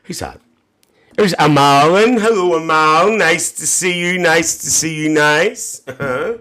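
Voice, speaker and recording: A man's voice: fairly high pitch, a little slow, pushed and bright. A man playing a cheeky Northern Irish auntie. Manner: chatty, calls everyone "dear", laughs often. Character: cheeky gossiping Northern Irish auntie, middle-aged woman. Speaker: livestream host. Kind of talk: live-stream chat reading viewer comments. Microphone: phone livestream.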